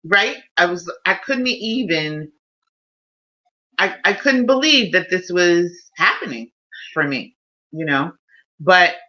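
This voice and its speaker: A woman's voice: deep voice, bright, forceful tone. A woman hosting a casual live stream, telling a personal story in an emotional, heartfelt way. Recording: dull lo-fi stream audio.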